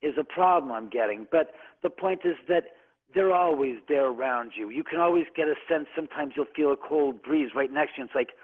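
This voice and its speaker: A man's voice: on the high side, fairly quick. A man telling a long, rambling personal story as a radio guest, often stammering and repeating words. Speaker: guest on a call-in radio show. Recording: tinny phone line.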